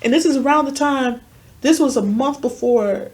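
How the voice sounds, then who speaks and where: This podcast guest has a high-pitched, slightly mellow voice and a moderate pace. In an earnest, emotionally charged way, she relates a personal story, vividly voicing the dialogue within it.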